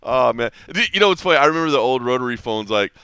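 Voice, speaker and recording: A man's voice: medium pitch, lively intonation, rapid-fire, pushed and bright, clean tone. A middle-aged man co-hosting a podcast, talking in a laid-back, casual way, full of "like" and "man," and laughing easily. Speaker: podcast co-host. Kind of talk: casual chat.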